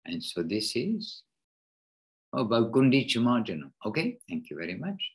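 A man hosting an informal devotional class online, speaking haltingly and rephrasing himself mid-sentence. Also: medium pitch, wildly swooping pitch, breathy edge, rough recording. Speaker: class host.

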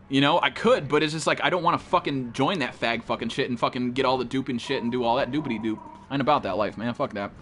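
A man's voice: mid-range voice, a bit bright, a little hiss or hum. A man live-streaming a game, chatting casually and profanely with viewers and greeting them by name.

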